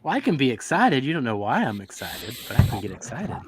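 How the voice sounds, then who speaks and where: A man's voice: medium pitch, sing-song, fast talker, a crowd in the background. Teasing man hosting a whiskey tasting. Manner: teasing, playful. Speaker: host of a whiskey tasting show. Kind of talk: casual chat.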